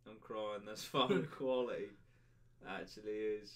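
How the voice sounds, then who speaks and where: A man's voice: fairly low pitch, measured pace, a bit bright. A young man hosting a podcast, reading out chat comments in crude, jokey banter with lots of laughing. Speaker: podcast host.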